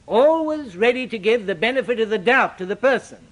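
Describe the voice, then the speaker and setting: An older man preaching a sermon, with dramatic, sweeping shifts in pitch and loudness. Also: lively intonation, a little fast, hardly any pauses.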